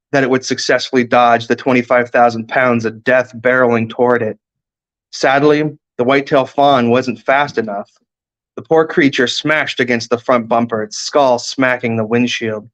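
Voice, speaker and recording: A man, an author, reading his own first-person fiction aloud in a steady storytelling manner. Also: medium pitch. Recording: dull lo-fi recording.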